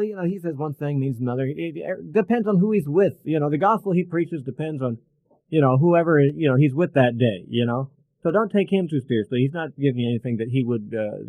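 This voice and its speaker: A middle-aged man teaching verse by verse through a Bible book in a relaxed, conversational way, thinking aloud with asides and fillers. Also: on the high side, dry recording, poor audio.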